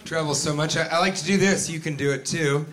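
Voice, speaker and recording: A man performing a stand-up comedy set, telling stories in an animated way with put-on voices and sudden yells. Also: a little high, fairly quick. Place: comedy club stage with a laughing audience. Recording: live club recording with crowd noise. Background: audience laughter.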